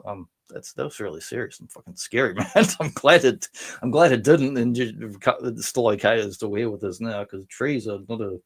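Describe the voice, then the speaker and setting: A man from New Zealand hosting a casual livestream chat, rambling, chatty, laughing often and swearing freely. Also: on the low side. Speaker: livestream host.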